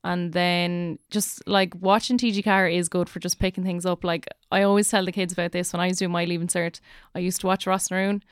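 A woman's voice: on the low side, little pitch movement, a little fast, hardly any pauses, smooth, no echo, studio quality. A young woman teacher with an Irish accent, chatting casually on a podcast and filling her speech with "like". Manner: chatty, lots of "like" fillers.

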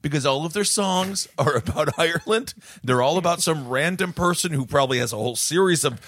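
A man's voice: a little high, expressive, fairly quick, fairly bright tone. A man co-hosting a casual comedy chat, telling rambling stories and acting out what others said. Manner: rambling storyteller, acts out quotes. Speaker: podcast co-host. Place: traveling abroad.

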